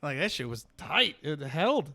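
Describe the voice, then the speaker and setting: A man's voice: a little high, big pitch swings, unhurried, vocal fry, bright, forceful tone. A man hosting a casual podcast, joking, firing off questions and swearing freely. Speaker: podcast host.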